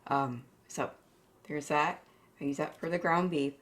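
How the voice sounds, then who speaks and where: Low-voiced woman rambling to her viewers. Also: unhurried, fairly bright tone. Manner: rambling, filler-heavy and emotional, addresses viewers as "you guys". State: short of breath. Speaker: home cooking channel host. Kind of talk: chatty cooking vlog. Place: home kitchen. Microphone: camera on a tripod. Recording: echoey room, mic at a distance.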